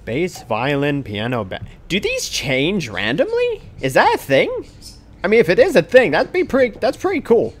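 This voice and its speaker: Playing a video game for a let's play, this creator rambles and chats playfully to himself. He speaks at normal speed in a high-pitched voice whose pitch swoops wildly.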